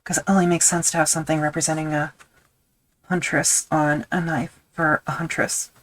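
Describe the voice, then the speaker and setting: A woman's voice: low-pitched, little pitch movement, moderate pace, poor audio. A woman chatting casually on a live stream while she tools leather, rambling and joking at her own expense. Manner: rambling, self-deprecating, thinks aloud with fillers.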